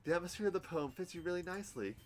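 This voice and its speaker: A man's voice: high voice, animated, racing, voice pushed up. A man voicing a poised teenage girl club president with an odd English-American hybrid accent and a refined manner. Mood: advising. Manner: refined, sophisticated.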